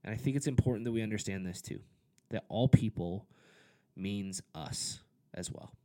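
Guy preaching a sermon, warm darkish voice, talks earnest and casual. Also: fairly low pitch, moderate pace. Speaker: pastor.

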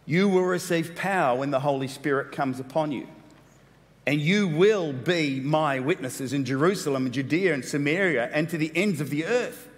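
A man preaching a sermon as pastor, animated and playful, with quick asides. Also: on the high side. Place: church hall. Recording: long hall reverb.

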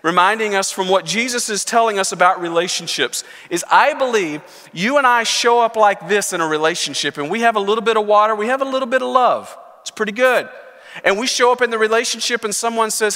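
Guy preaching in a church, high bright voice, big reverby hall. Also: fast talker. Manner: animated preaching, leads congregation in call and response. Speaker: pastor. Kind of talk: sermon. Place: church sanctuary. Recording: long reverb of a large hall.

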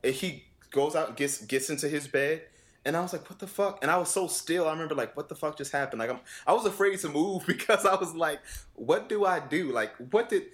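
A vocal coach in casual conversation, telling a story with lots of acted-out dialogue, laughing often and swearing casually. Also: male voice, a little high, a little fast. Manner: animated, acts out quoted dialogue with voice shifts.

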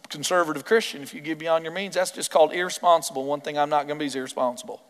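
A man's voice: a little high, very fast, fairly bright tone, close to an everyday voice. A man putting on a Southern accent to mock a smug rule-keeping churchgoer, with a mock-serious drawl, heard in a long echoing hall.

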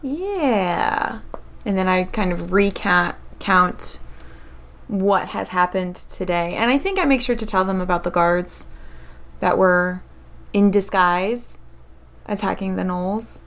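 A woman with a creaky, fry-touched voice plays a tabletop game. She talks casually and chattily and answers quickly. Her pitch sits in the middle for a woman. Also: a bit bright. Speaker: player.

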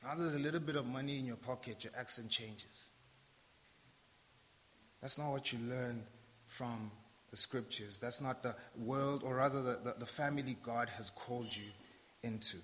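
A man's voice: mid-range voice, normal speed, fairly bright tone, slight background noise. A man from South Africa preaching a sermon to a congregation, emphatic and repetitive, with touches of humor. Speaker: pastor. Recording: long hall reverb.

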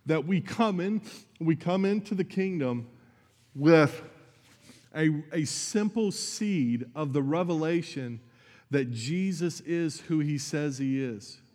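A man's voice: a little high, expressive, slow, a little mellow, in a large hall. A man preaching a sermon as pastor, earnest and conversational, with asides to his congregation.

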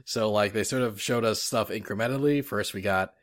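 A man's voice: on the low side, a little fast, dry recording, clean studio sound. A man co-hosting a gaming podcast in casual chat, enthusiastic, with many fillers and frequent laughs. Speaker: podcast co-host.

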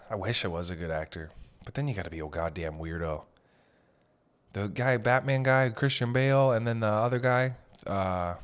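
A young man with a somewhat low voice hosts a podcast, drifting from tangent to tangent in a loose, self-deprecating comic monologue. He swears freely and keeps circling back to his own half-finished thoughts. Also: normal speed. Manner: meandering, self-deprecating, swears casually, breaks into loud mock shouts. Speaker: podcast host. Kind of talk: rambling comedic monologue.

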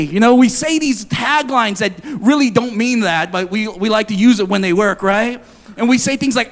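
A man in his forties preaching a sermon, reading scripture and telling a personal story in an animated, joking way. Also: extremely high pitch, moderate pace. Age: 40s. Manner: animated, jokey, confessional storytelling. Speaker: pastor.

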